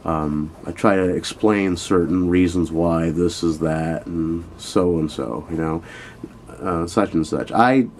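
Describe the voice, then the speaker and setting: A man with a very low voice gives a loose, chatty video lesson. He addresses his viewers directly and keeps reaching for fillers as he explains. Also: takes it slowly, darkish tone, a little hiss or hum. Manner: rambling, filler-heavy and chatty. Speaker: online Thai language teacher.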